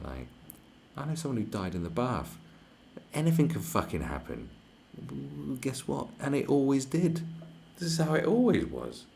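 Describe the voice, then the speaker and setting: A man's voice: mid-range voice, vocal fry, mellow, a little hiss or hum. A young man hosting a livestream, ranting in a rambling, crude, mock-outraged way and slipping into mocking voices. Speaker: livestream host. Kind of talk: profane comedic rant on a livestream.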